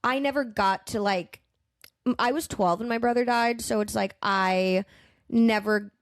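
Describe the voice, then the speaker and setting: Lively, high-voiced woman comedian. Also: unhurried, no room sound, studio quality. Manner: animated storytelling, fillers, frequent swearing. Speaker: stand-up comedian guest. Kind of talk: casual podcast chat.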